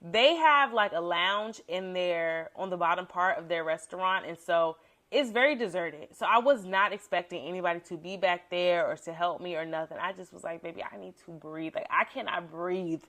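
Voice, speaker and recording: A woman's voice: fairly low pitch, normal speed, a bit bright. A young woman podcast host telling a story in a casual, slangy way, acting out quotes with big jumps in her voice.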